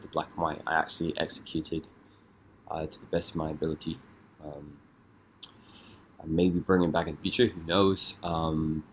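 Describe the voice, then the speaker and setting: Young male vlogger from Scotland, very low pitch, hesitant and rambling delivery. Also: slight background noise. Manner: rambling, hesitant, many fillers. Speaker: dance artist vlogger. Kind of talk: casual vlog. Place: London.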